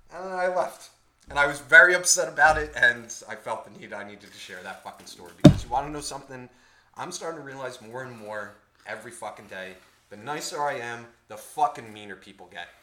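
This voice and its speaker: A man co-hosting a podcast, telling a story in a casual, profane, animated way. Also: medium pitch, fairly quick, roomy sound, slight background noise. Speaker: podcast co-host.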